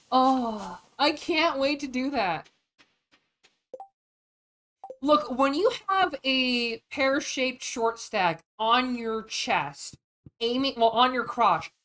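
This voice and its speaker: A woman vtuber streaming a farming game, chatting casually in an animated, crude, joking way and often swearing. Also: sits high. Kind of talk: casual gaming stream chat.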